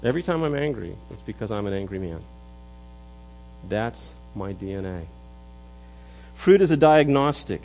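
A man's voice: on the low side, expressive, normal speed, long pauses, a little mellow, soft background music, low-quality recording. A middle-aged man preaching a sermon in an earnest way, often repeating words as he builds a point. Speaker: pastor.

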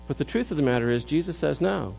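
A man's voice: fairly high pitch, lively intonation, fast talker, creaky, darkish tone, soft background music, rough recording. A middle-aged man preaching a sermon in an earnest way, often repeating words as he builds a point. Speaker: pastor.

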